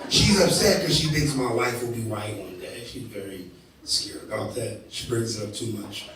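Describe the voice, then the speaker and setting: A man's voice: lowish voice, normal speed. A man from Indiana doing a live stand-up set, profane and self-deprecating, acting out characters. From Indiana, USA. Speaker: stand-up comedian. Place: live comedy venue. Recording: echoey venue from far off with crowd.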